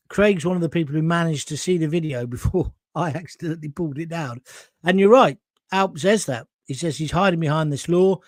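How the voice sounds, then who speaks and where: Man, live-stream host, fairly high voice, dry close sound, blunt and emphatic, answers viewer comments, hot and sweaty. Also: dry recording. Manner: blunt, emphatic and opinionated, with mild swearing.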